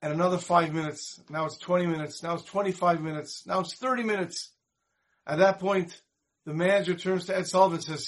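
A man teaching a Torah class, telling a moral story in an animated storyteller's manner. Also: fairly high pitch, fast talker. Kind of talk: storytelling lesson.

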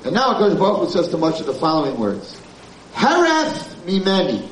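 High-voiced rabbi lecturing in a roomy hall. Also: male voice, sing-song, quick pace. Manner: emphatic, repeats phrases, mixes Hebrew terms into speech. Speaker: rabbi giving a Torah class. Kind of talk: informal Torah lecture. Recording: roomy, distant, faint background noise.

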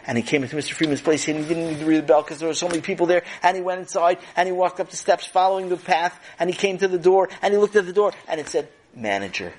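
Animated male children's storyteller. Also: high voice, rapid-fire, hardly any pauses, slight background noise. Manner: animated, with voices.

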